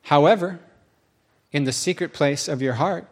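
A man's voice: a little high, normal speed, slightly rough. A man preaching a sermon in a church, speaking conversationally and acting out quotes with rising emphasis.

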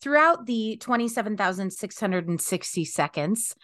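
A woman's voice: mid-range voice, expressive, moderate pace, a bit bright, no echo, studio quality. A woman co-hosting a podcast in casual chat, enthusiastic and playful. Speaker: podcast co-host.

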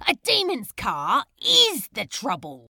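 A woman's voice: fairly high pitch, wildly swooping pitch, slow pace, creaky, pushed and bright, slightly rough, dry recording, clean studio sound, heavily acted. A woman playing an exasperated male demon. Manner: exasperated, sighing, emphatic. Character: irritable male demon, sardonic and brash. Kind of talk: fan audio drama acting.

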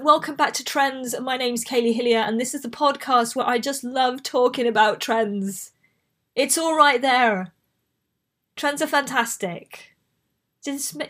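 A woman's voice: high voice, fairly bright tone. Chatty woman with a cold. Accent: light Bristolian English. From Bristol, England. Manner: chatty, wanders into tangents. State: has a cold. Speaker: podcast host. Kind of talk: casual solo podcast chat.

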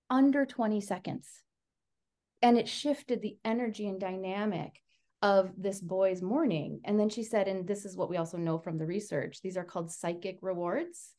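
A woman's voice: mid-range voice, moderate pace. A woman researcher who studies education, speaking in an earnest, casual interview manner and using a lot of "like" fillers. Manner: earnest, filler-heavy, says "like" often; animated storyteller. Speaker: education researcher, podcast guest.

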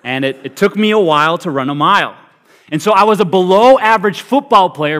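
Male preacher with a high voice, humorous and energetic, moving from big hype to near-hush; in a large auditorium. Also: brisk. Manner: energetic and humorous, swinging from loud hype to hushed, quiet delivery. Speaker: pastor. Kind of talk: sermon. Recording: reverberant hall.

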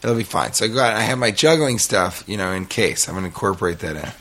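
A man's voice: sits low, lively intonation, fast talker, a bit bright. A man co-hosting a podcast, telling a long story in a rambling, profane, self-mocking way. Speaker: podcast co-host. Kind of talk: casual storytelling chat.

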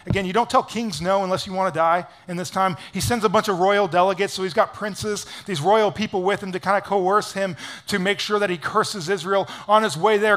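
A man pastor preaching a sermon in an energetic, casual storytelling way, full of "like". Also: sits high.

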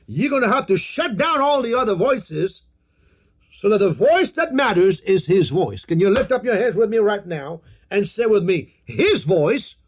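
Man, preacher, sermon, husky, lively rising and falling pitch, slow emphatic delivery, call-and-response. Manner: slow, emphatic, drawn-out phrases with repeated declarations.

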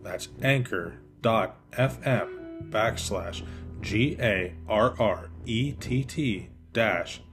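A man hosting a podcast, reading a children's picture book aloud in an expressive way that slows down for effect. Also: lowish voice, over music. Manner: expressive, lively, slowing for effect.

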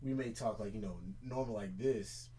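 A man's voice: lowish voice, normal speed, warm tone, a little hiss or hum. A young man from Charlotte, North Carolina, co-hosting a podcast, talking loosely with restarts and fillers. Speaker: podcast co-host. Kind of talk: casual chat.

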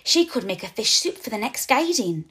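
A woman voicing a lively, kind young girl who squeals with delight. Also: a little high, moderate pace. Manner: squealing, bubbly.

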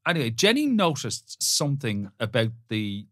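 A man's voice: mid-range voice, big pitch swings, moderate pace, dry recording, clean studio sound. A man co-hosting a podcast, telling stories in casual chat, teasing and often restarting his sentences. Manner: teasing storyteller, many restarts. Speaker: podcast co-host.

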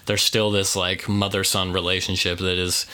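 Pria santai yang suaranya cerah. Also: male voice, sits low, little pitch movement, moderate pace, sharp tone. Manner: rambling, filler-heavy, dry joking. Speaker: podcast co-host. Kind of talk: casual movie review chat.

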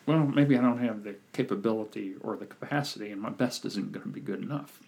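A man with a slightly husky, breathy voice coaches on a podcast. He tells his stories in a relaxed, conversational way. He brings them to life by playing the people he quotes. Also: on the low side, quick pace. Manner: animated storyteller, acts out quoted people. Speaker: podcast guest, communication coach. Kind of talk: casual storytelling chat.

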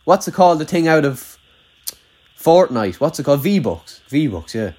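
A young Irish man with a rural accent chats casually, his fairly high voice swinging widely in pitch at a slightly slow pace. He swears freely and rambles, dropping "like" constantly, with noise in the background.

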